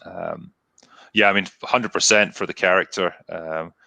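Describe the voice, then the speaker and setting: A man's voice: sits low, steady tone, a little slow, creaky, pushed and bright, dry recording. A British man hosting a casual video-call chat, reading viewer comments aloud with dry, wry humor. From Britain. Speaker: podcast host. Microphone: webcam video call.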